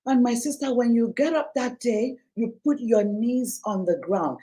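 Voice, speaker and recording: A woman's voice: on the high side, measured pace, hardly any pauses, warm tone, low-quality recording. A woman speaking as a parenting coach at a conference, emphatic and preachy, repeating her key lines and acting out parents and children. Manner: acts out parents and children in quoted voices. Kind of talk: motivational conference talk. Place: conference venue.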